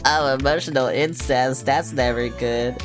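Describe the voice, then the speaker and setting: Low-voiced woman streamer joking through a game. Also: unhurried, music in the background. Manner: joking, swearing, laughing asides. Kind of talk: casual let's-play commentary.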